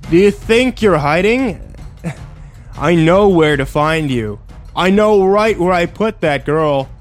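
A man voicing a sinister, taunting captor who speaks slowly and mockingly. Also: mid-range voice, faint music behind, natural voice. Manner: slow, mocking, menacing.

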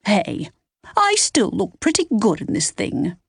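A woman's voice: medium pitch, wildly swooping pitch, a little slow, creaky, husky, no room sound, clean studio sound, heavily acted. A woman voicing a bold, spirited woman sleuth who talks brashly.

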